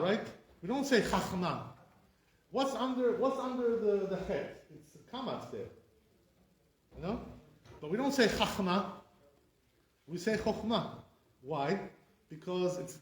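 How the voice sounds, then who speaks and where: A rabbi is teaching a class in a roomy, echoing space, and his voice sits a little on the high side for a man. He explains step by step and keeps checking in with his listeners. He often says sounds aloud to show how they go. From Sephardi community. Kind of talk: informal Torah class. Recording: echoey room.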